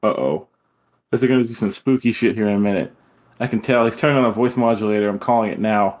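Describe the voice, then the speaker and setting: A man playing in a tabletop game who thinks aloud, swears, and reacts in an animated way. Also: on the low side, fast. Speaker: player. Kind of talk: casual tabletop game chat.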